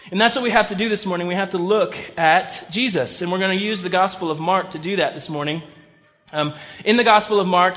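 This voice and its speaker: A man's voice: high-pitched, fairly bright tone. A man preaching a sermon as pastor, in a conversational style with humorous asides. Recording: long reverb of a large hall.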